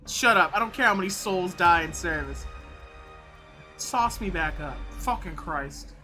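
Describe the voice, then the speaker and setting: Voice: medium pitch, lively intonation, unhurried, pushed and bright, soft background music. A streamer giving live gameplay commentary, ranting in a profane, exasperated way.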